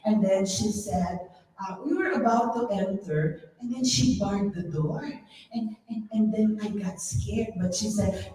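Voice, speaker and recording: A woman's voice: mid-range voice, slow pace, pauses often. A Filipina singer telling funny stories on a concert stage, acting out the voices of people she met and laughing along with them. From Philippines. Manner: animated, mimics voices, laughs at own jokes. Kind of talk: stand-up storytelling in a concert. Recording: distant echoey live hall with faint ambience.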